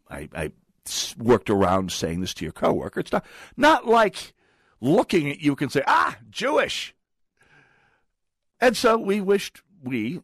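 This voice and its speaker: A man's voice: fairly low pitch, no echo. A man hosting a talk radio show, delivering a sardonic, digressive monologue with wry asides into a studio microphone.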